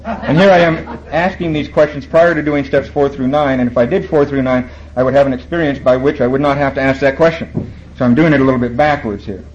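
A man tells his recovery story to a meeting, wry and self-mocking, acting out the voices of the people in it. His voice sits at an everyday pitch. The recording is dull and lo-fi, with a faint hum of room ambience behind it. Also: brisk. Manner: wry, self-mocking, quotes and acts out others.

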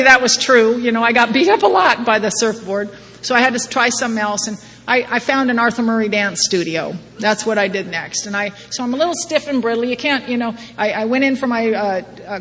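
A middle-aged woman with a fairly high, fairly bright voice gives a personal testimony talk at a recovery meeting, wry and self-deprecating and often laughing at herself. The recording carries long hall reverb and faint background noise.

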